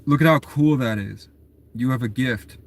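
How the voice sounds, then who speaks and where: A man playing a calm, serious bearded guardian. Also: moderate pace, close to an everyday voice. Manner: serious, low-key reassurance.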